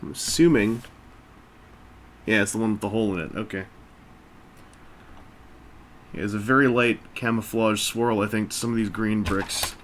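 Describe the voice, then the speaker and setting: A man's voice: lowish voice, steady tone, normal speed, pauses often, a bit bright, slight background noise. A man casually chatting while he builds a brick set, rambling along with self-mocking jokes and asides. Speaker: toy-building video host. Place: indoors at a table.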